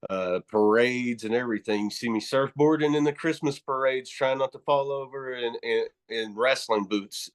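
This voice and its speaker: A man's voice: medium pitch, moderate pace, smooth. A man from East Tennessee with a Southern accent, a guest chatting on a podcast, who laughs often and lets his words run together. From East Tennessee, USA. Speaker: guest, horror host. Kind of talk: casual podcast conversation.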